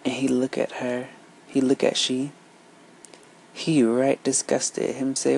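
A storyteller reading a folk tale aloud, unhurried and lilting, switching voices for each character. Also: mid-range voice, monotone, gravelly, a little mellow, slightly rough, poor audio.

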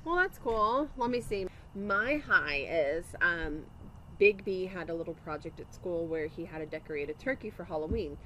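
A woman in her thirties co-hosting a podcast, chatting casually with wry jokes and lively storytelling. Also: on the low side, moderate pace, slight background noise, low-quality recording. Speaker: podcast co-host. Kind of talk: casual chat.

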